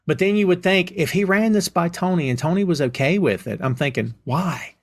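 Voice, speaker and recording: A man hosting a casual podcast, his voice sitting a little higher than most. He is opinionated and speaks directly to his listeners, often repeating points for emphasis. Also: brisk. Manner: opinionated, talks straight to listeners. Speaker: podcast host. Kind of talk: casual chat.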